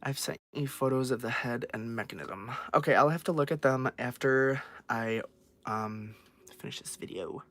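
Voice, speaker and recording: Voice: mid-range voice, moderate pace, a bit bright. A vlogger chatting casually on a livestream while customizing dolls, playfully scolding a cat.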